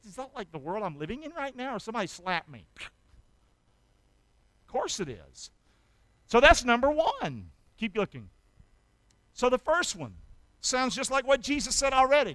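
A man's voice: high voice, a bit bright, clear, resonant tone, dry recording. A man preaching a sermon as pastor, emphatic, asking the congregation questions and answering them himself, with scripture read aloud. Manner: reads scripture aloud dramatically.

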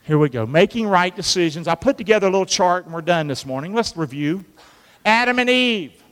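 A man preaching a sermon as a pastor, animated and leading the congregation in call-and-response. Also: high-pitched, fairly quick. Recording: long hall reverb.

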